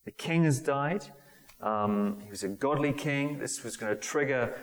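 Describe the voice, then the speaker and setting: A man's voice: mid-range voice, unhurried. Man preaching in a reverberant hall. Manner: conversational, with fillers and restarts. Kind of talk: sermon.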